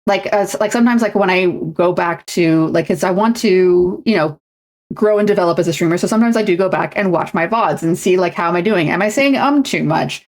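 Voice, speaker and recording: A woman's voice: fairly low pitch, a little fast. A young adult woman streamer in casual chat, talking in loose runs full of fillers and restarts. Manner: chatty, many fillers and restarts. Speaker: streamer and co-host.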